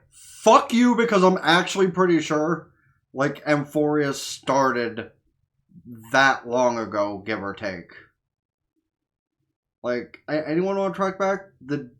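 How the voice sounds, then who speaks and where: A tired man giving casual reaction commentary as a gaming YouTuber, rambling and offhand, swearing freely. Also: fairly high pitch.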